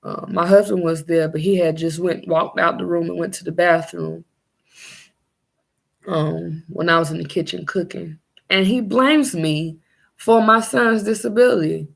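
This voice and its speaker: A young woman telling her own story as a mother in a personal vlog, halting and searching for her words. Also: on the low side, creaky.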